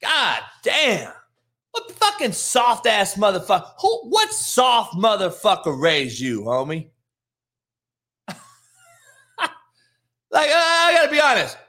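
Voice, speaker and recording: A man's voice: sits high, a bit bright. A middle-aged man hosting a live sports show, ranting in a heated, profane way, mocking his chat and laughing between lines. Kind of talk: live-streamed sports rant.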